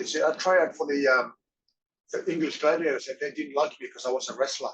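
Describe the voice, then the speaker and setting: Man, rambling interview guest, animated storyteller, average pitch. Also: fast talker, creaky, highs cut off, a little hiss or hum. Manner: rambling, animated, acts out quoted voices. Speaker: interview guest, former wrestler and actor.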